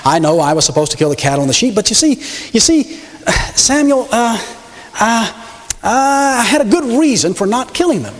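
A man's voice: very high-pitched, big pitch swings, moderate pace, voice pushed up. A man voicing a flustered king who stammers and hesitates while making excuses. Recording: long hall reverb.

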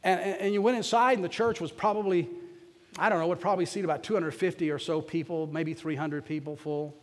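High-voiced Southern-style storytelling pastor. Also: male voice, fairly even intonation, a little fast, big-room sound. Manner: folksy, self-deprecating storytelling, rising to loud fervor. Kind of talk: storytelling sermon.

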